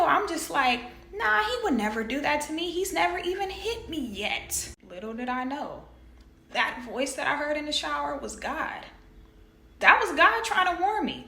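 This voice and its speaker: A woman's voice: sits high, bright, forceful tone. A woman working as a spiritual life coach, telling a personal story to camera in an earnest, emphatic way and acting out her inner voices. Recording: roomy echo.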